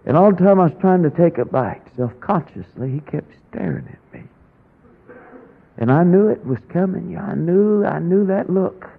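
A man's voice: high-pitched, big pitch swings, normal speed, creaky, husky. A male preacher telling a personal story in a sermon, dramatic and drawn out, with sudden rises in his voice. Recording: tinny phone-like radio broadcast.

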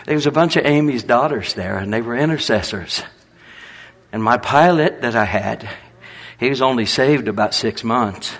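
A man preaching a sermon in a folksy, storytelling way with a husky voice. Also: mid-range voice, normal speed, a bit bright.

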